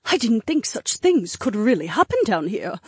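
Man voicing a proud, prickly sea duchess in a storybook, raised husky voice, dry close sound. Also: high-pitched, big pitch swings, normal speed, no room sound, pitched above the performer's own voice, full character voice. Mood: flustered. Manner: haughty, defensive, sometimes stammering. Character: snarky proud mermaid duchess, middle-aged. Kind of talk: audiobook character voice.

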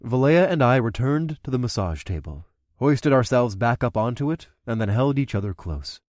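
A man's voice: medium pitch, lively intonation, normal speed, a little mellow, dry recording, clean studio sound. A man narrating an adult fantasy audiobook, doing the main character's dialogue himself.

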